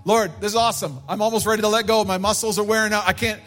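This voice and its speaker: Man acting out a panicked cliff-hanger, stammering, pleading, voice pushed high. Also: lively intonation, brisk, a bit bright, faint music behind. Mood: desperate pleading.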